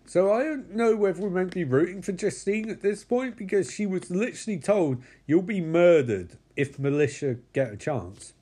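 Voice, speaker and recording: A man with a high voice, casually recapping a film scene by scene. He bursts into the characters' lines, swears freely and climbs into shrill yelps at the exciting moments. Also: normal speed, hardly any pauses, breathy edge. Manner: animated, acts out characters' lines, swears a lot. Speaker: film commentator.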